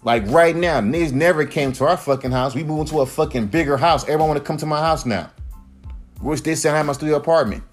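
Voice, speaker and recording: A man in his thirties, a podcast host, ranting in a casual monologue that is profane, heated and animated. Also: on the high side, fast, faint music behind. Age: 30s.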